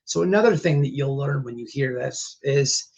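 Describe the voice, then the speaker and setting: A man hosting a casual livestream chat, rambling with many restarts, his voice going hoarse. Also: mid-range voice, normal speed, darkish tone. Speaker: livestream host. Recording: dull lo-fi stream audio.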